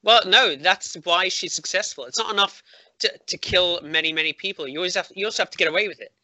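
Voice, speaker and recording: A man's voice: sits high, quick pace, sharp tone, no echo. A man hosting a podcast over a video call, casually chatting and spinning a mock-serious theory with playful delivery. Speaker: podcast host. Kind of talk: casual chat.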